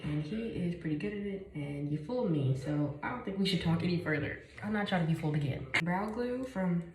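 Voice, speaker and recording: Animated young woman vlogger, echoey room. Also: fairly low pitch, a little fast, a crowd in the background. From Chicago. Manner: animated, jumps between whispers and bursts of exclaiming. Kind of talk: casual story time while doing makeup. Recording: echoey room, faint noise.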